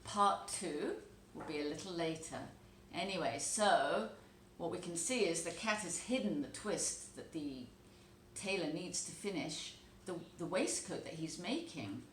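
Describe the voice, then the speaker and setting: Woman reading a storybook with lively expression. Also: lowish voice, unhurried. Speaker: teacher reading a story aloud. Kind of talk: storybook read-aloud narration. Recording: echoey room, faint background noise.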